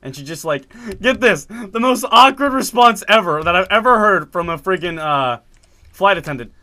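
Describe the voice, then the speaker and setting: A man telling a story in casual chat while playing a game, animated and laughing as he acts out quotes. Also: sits high, normal speed. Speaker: gaming video host. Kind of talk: casual storytelling over gameplay.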